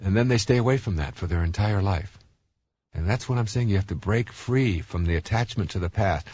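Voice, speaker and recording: A middle-aged man giving a recorded self-help talk, telling stories in an animated way with many fillers and restarts. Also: lowish voice, brisk, husky, no room sound.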